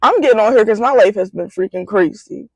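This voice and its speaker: A young woman, retelling a bad day in a casual vlog with animated disbelief. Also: medium pitch, fairly quick, no echo, poor audio. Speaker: vlogger.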